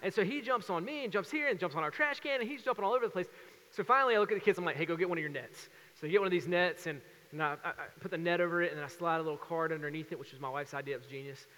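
A man in his thirties preaching a sermon as pastor, telling stories with lively acted-out voices. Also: fairly high pitch, racing, long reverb tail. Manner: animated storytelling with acted voices.

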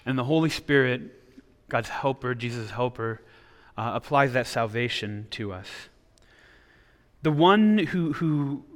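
A man's voice: medium pitch, expressive, a little slow, in a large hall. A man preaching a sermon in an earnest way, often restarting his words as he explains. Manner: earnest, with frequent repeated restarts. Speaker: pastor.

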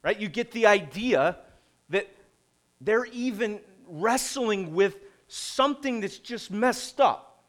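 A middle-aged man preaching a conversational sermon, posing rhetorical questions and pausing deliberately. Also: high voice, lively intonation, fairly bright tone. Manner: slow, deliberate delivery with pauses. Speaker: pastor.

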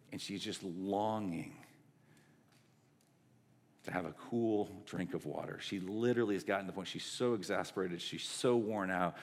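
A man's voice: fairly low pitch, a bit bright. A man preaching a sermon as a pastor, conversational, with fillers and self-corrections. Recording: long hall reverb.

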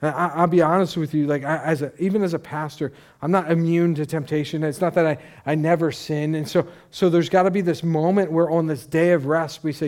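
A middle-aged male pastor delivering a sermon with a slightly raised pitch. He talks conversationally and tells stories with lively asides. He often restarts his sentences. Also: a little fast, few pauses. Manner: conversational, animated storytelling with asides. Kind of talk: sermon with storytelling.

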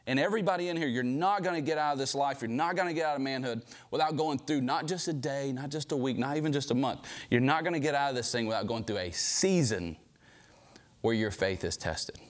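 A man preaching to a group of men in a relaxed, conversational way. His pitch sits at an ordinary middle level. He stumbles over and repeats words as he talks. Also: brisk. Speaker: pastor leading a men's group. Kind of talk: informal sermon.

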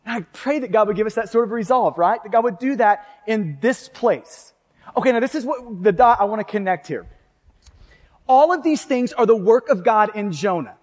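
Fervent high-voiced preacher in a reverberant hall. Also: male voice, expressive, normal speed, darkish tone. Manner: fervent preaching, reads scripture aloud, asks the congregation questions. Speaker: pastor. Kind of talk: sermon.

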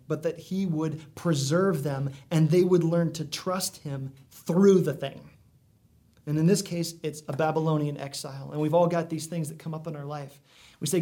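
A man's voice: a little high, darkish tone. A man preaching a sermon in a conversational way, full of asides and questions to the congregation. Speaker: pastor.

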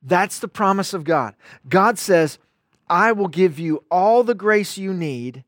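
Pastor guy preaching, high voice, repeats the big words, dry close sound. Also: lively intonation, slow pace, dry recording. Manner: emphatic, repeats key words, calls out to the online viewers. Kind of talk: sermon.

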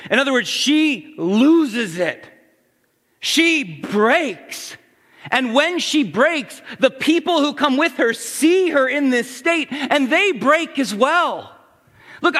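A man preaching a sermon as pastor, reading scripture and building to forceful, near-shouting emphasis. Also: very high voice, long reverb tail.

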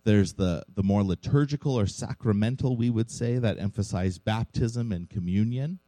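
Deep-voiced, mellow male preacher. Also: normal speed, dry recording, poor audio. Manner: earnest preaching with rhetorical questions. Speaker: pastor. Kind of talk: sermon.

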